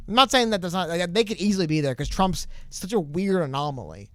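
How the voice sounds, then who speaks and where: Man, high voice, dry close sound, casual podcast chat, rambling, animated, frequent restarts. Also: fast talker, no echo. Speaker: podcast co-host.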